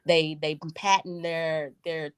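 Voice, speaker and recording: A woman co-hosting a podcast in a casual, emphatic conversation, jumping high in pitch when she stresses a point. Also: level tone, slow, over a noisy crowd. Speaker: podcast co-host.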